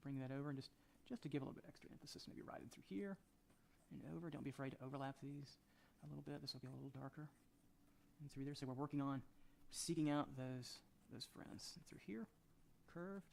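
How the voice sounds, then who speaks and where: A man teaching a drawing lesson, talking through each stroke as he sketches and often trailing off quietly. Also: medium pitch, quick pace, gravelly, a little hiss or hum. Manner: relaxed, thinking aloud while sketching, often trailing off quietly. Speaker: drawing instructor.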